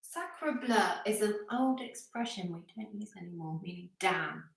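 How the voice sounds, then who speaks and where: A woman's voice: mid-range voice, lively intonation, moderate pace, gravelly, very echoey. A woman co-hosting a casual livestream, chatting playfully and laughing often. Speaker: livestream co-host.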